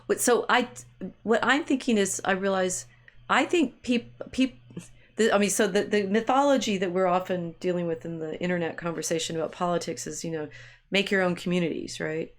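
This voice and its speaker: A woman's voice: lowish voice, a little fast. A woman co-hosting a casual discussion podcast, thinking aloud with many restarts and side remarks. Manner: rambling, frequent restarts and hedges, laughs easily. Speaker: podcast co-host.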